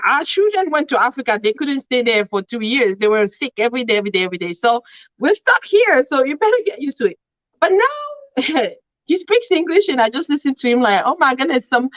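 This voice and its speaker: A woman co-hosting a motivational podcast tells stories with animated emphasis. Her voice sits high and swoops widely. The sound is dry and slightly dull. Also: no echo. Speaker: podcast co-host.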